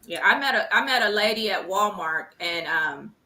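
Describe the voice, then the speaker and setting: A middle-aged woman, a grieving mother, speaking earnestly and haltingly as an interview guest. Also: mid-range voice, lively intonation, pushed and bright, low-quality recording. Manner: earnest, halting, repeats words when upset. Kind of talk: emotional conversational interview.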